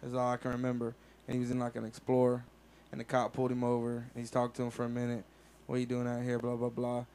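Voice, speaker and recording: Gravelly fast-talking man in casual chat. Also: mid-range voice, monotone, a little mellow, slight background noise. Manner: rambling storyteller, swears freely. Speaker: cast member.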